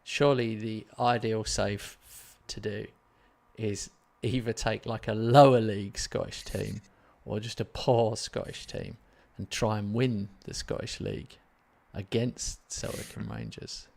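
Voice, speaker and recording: A man's voice: fairly low pitch, lively intonation, measured pace, vocal fry, a little mellow. A man hosting a gaming live stream, chatting casually and rambling in a self-mocking way while answering viewers.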